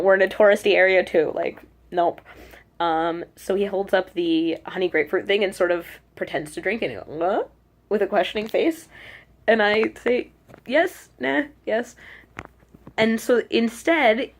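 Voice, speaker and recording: A woman vlogging to a handheld camera, telling a casual story and animatedly acting out her own reactions. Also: mid-range voice. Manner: chatty, animated quoting of herself. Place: abroad in Korea, at home.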